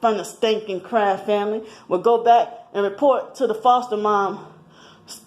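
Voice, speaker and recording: A woman's voice: medium pitch, fairly even intonation, normal speed, a little mellow, poor audio. A woman in her thirties talking in a rambling personal monologue, slightly out of breath, with many restarts and fillers. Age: 30s. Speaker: vlogger.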